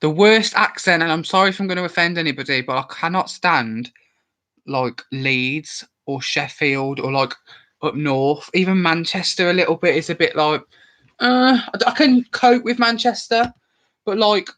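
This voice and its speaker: Bright, chatty young man with a Birmingham lilt. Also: on the high side, normal speed, poor audio. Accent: light Birmingham. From England, Worcestershire area. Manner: chatty and opinionated, swears freely. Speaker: channel host. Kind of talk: casual chat to camera.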